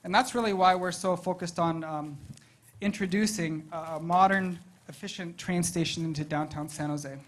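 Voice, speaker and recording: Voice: medium pitch, steady tone, normal speed. Conversational public meeting presenter. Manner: conversational, asks the audience questions. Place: meeting room.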